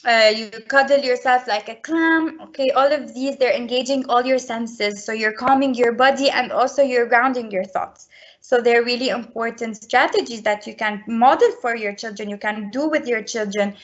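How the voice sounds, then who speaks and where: Brief: woman presenter on a video call, slightly high voice, earnest and explanatory, dull lo-fi audio. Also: moderate pace. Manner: earnest, explanatory, many restarts. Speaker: presenter at a school webinar for parents. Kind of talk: webinar talk with slides.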